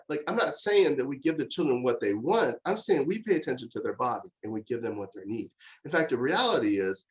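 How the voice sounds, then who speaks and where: A man's voice: fairly high pitch, low-quality recording. A man giving a conversational lecture on parenting, telling stories and acting out exasperated outbursts. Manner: storytelling, with animated quoted outbursts.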